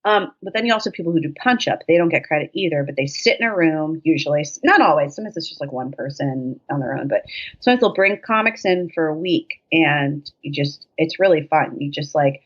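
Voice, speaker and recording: Podcast guest, woman: jokey, profane, animated storyteller, somewhat low voice, muffled lo-fi sound. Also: fairly quick. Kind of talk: casual chat. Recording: dull lo-fi sound.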